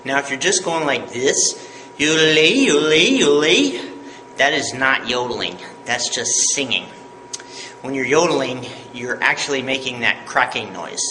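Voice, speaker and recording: A man's voice: mid-range voice, moderate pace, bright, forceful tone. A man giving a patient, upbeat yodeling tutorial, explaining each step plainly. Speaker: yodeling teacher. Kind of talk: tutorial video. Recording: echoey room with faint noise.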